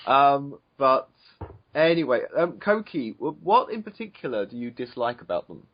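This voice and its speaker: A man's voice: medium pitch, moderate pace, lo-fi sound. A man hosting a casual podcast chat over an online call, emphatic and handing questions to his guests. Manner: lively, emphatic, hands the questions round. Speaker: podcast host.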